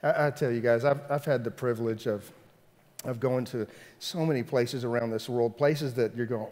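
A middle-aged man with a Southern US accent preaching a sermon in a conversational way, repeating phrases and swinging between loud and hushed. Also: medium pitch, moderate pace, in a large hall. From Southern United States. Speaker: pastor.

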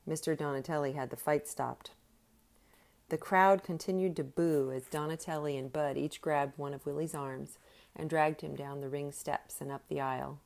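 A woman narrating a novel aloud with steady, clear storytelling. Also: deep voice, normal speed. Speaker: audiobook narrator. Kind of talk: scripted narration.

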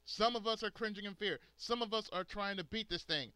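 A man's voice: sits high, brisk, sharp tone, clear, resonant tone, no echo. A man hosting a gaming channel, ranting angrily and profanely to his subscribers, stressing words hard. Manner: angry, profane, emphatic ranting. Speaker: gaming video host. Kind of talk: angry rant to subscribers.

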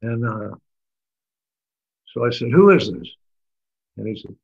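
A man's voice: medium pitch, moderate pace, pauses often, a little mellow, slightly rough. Older texas guy rambling through funny stories, kinda muffled lo-fi sound. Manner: rambling, dry humorous storytelling. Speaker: guest musician and storyteller. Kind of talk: casual interview chat.

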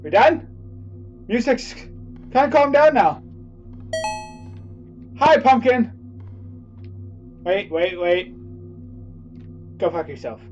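A man's voice: high-pitched, big pitch swings, slow pace, pauses often, muffled recording, faint music behind. A man commenting on a horror game as he plays, jumpy, yelping and swearing often. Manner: jumpy, loud yelps and frequent swearing. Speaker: gamer playing a horror game. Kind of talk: let's play commentary.

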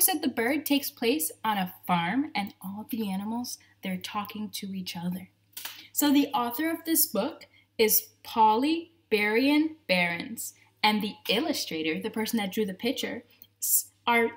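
Animated woman teacher reading aloud. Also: a little high, a little slow. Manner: animated, addresses children as friends. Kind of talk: children's read-aloud. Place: at home.

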